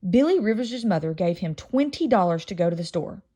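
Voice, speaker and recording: A woman reading aloud, voicing a patient mother who gently coaxes her daughter through a homeschool lesson. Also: medium pitch, animated, a little fast, natural voice. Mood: coaxing.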